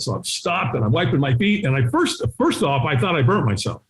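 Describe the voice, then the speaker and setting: A middle-aged man telling a story as an interview guest, acting out the voices of people in it and sometimes shouting. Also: mid-range voice, sing-song, fairly quick. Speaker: guest, firewalking instructor. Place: his home.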